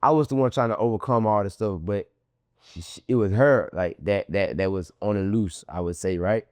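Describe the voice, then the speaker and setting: A man being interviewed as a guest, telling his story in animated, profane slang and acting out what others said in a raised voice. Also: lowish voice, normal speed, no echo. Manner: acts out quoted people in a raised voice.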